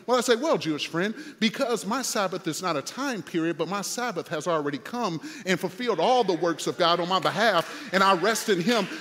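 A man preaching a sermon as pastor, animated, with playful asides and rising to shouts. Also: high voice, fairly quick, hardly any pauses, big-room sound.

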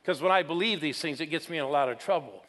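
A pastor in his sixties preaches with a slightly high voice, telling his story and teasing the congregation along the way. His words ring out with a long reverb from a large hall. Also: quick pace, a bit bright. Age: 60s. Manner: storytelling, playful with the audience. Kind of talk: sermon.

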